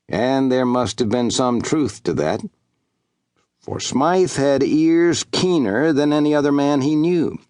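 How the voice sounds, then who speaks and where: Male audiobook narrator, western, unhurried and animated, dry close sound. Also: medium pitch, dry recording. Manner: measured, expressive storytelling.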